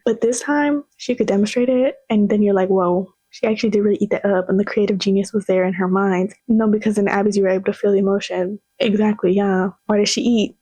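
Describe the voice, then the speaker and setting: Young woman, casual chat, slangy and gushing, mellow husky tone, dry close sound. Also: mid-range voice, brisk, no echo, rough recording. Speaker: vlogger reacting to clips.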